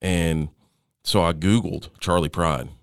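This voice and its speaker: A middle-aged man speaks in an extremely low, gravelly voice. He tells his story haltingly, full of restarts and fillers, and often drops to a quieter level. The sound is dry and close. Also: steady tone, no room sound. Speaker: interview guest. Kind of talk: personal storytelling in conversation.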